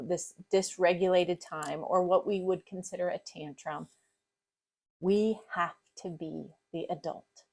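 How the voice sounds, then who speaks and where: A woman hosting a parenting podcast who readily agrees with her guest, says "yes, ma'am", and voices a parent's thoughts in a bright, playful way. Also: fairly low pitch. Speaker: podcast host. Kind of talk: podcast conversation.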